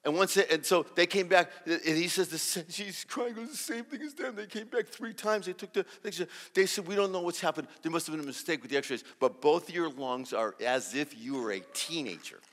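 A man giving a sermon as a guest preacher, telling a story and acting out the dialogue with lively energy and many restarts. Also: on the high side, a little fast, few pauses, long reverb tail. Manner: animated, acts out dialogue, restarts often. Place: large church hall.

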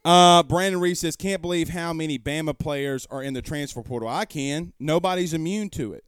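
A man talking sports at home, with emphatic, argumentative delivery and lots of rhetorical questions. His voice is smooth and fairly high for a man. The sound is close and dry, with no room echo. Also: moderate pace. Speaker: sports talk show host. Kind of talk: casual live-stream commentary.

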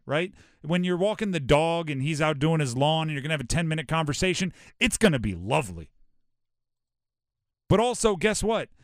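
A man from Hawaii hosting a sports talk show, animated and rhetorical, often acting out quotes. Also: fairly high pitch, no room sound, clean studio sound.

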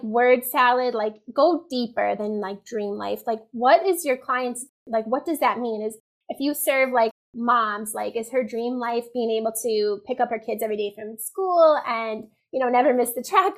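Woman guest chatting about writing, fairly high voice, says like a lot, keeps it loose and friendly. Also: normal speed. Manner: chatty, full of "like" and "you know", animated. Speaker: copywriting guest. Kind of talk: casual interview chat.

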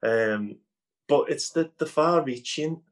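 In poor audio, a man from Liverpool, England, with a fairly high pitch and a Scouse accent takes his time chatting as an improv comedy guest in a casual interview over video call. He rambles, fills pauses with fillers, restarts often, and laughs easily.

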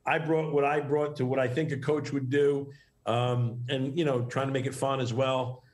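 A man's voice: medium pitch, little pitch movement, moderate pace, a little mellow. A middle-aged man from New York, a guest in a casual interview, talking in a rambling way with many restarts and fillers.

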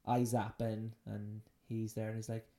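Very low, dark-voiced woman joking. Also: flat delivery, unhurried. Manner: playful, joking, storytelling. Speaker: podcast host. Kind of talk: casual unscripted chat.

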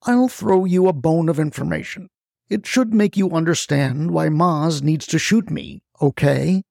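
A desperate older man, put on by a gravelly narrator, pitched up and drawn out, agitated and profane. His talk lands in a dry, close space with a rough fry underneath. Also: measured pace, a little mellow, no echo. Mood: grim, weary.

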